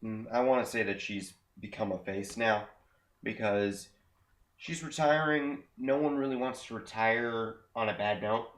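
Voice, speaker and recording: A young man co-hosting a casual podcast, recapping with frequent fillers and halting restarts. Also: lowish voice, fairly bright tone. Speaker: podcast co-host. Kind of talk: casual chat recapping wrestling. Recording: echoey room.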